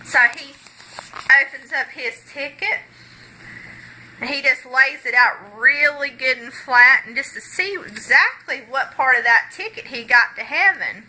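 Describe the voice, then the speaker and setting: Woman presenter, folksy chatty storyteller, very bright tone, a bit high. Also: a little slow, rough recording. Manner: folksy, chatty, many "okay"s. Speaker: gospel magic presenter. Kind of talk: storytelling tutorial.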